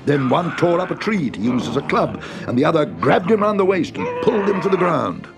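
A man reading a fairy tale aloud in an expressive, dramatic way. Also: on the high side, brisk, creaky. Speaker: narrator. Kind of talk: storybook reading. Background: music.

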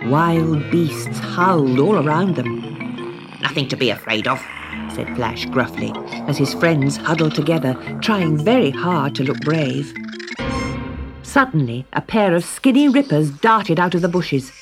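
A woman narrating a children's story slowly and expressively. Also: sits low, expressive. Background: background music.

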